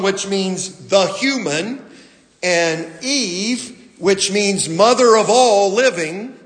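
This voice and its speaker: High-voiced pastor in an echoey hall. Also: male voice, a bit bright. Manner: unhurried storytelling with fillers and restarts. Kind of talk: sermon.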